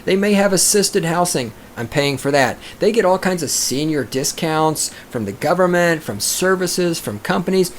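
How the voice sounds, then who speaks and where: A man hosting a podcast, delivering a profane, combative rant that swings into loud outbursts. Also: a little high, animated, moderate pace, hardly any pauses, slight background noise. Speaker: podcast host. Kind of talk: profane ranting monologue.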